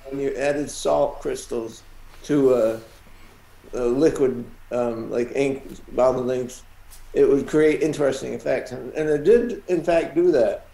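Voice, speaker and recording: A man with a gravelly, mellow voice, recalling his methods as a guest comic artist. He speaks in a measured, halting way. He sounds like he is in an echoey room. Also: medium pitch. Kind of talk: casual chat.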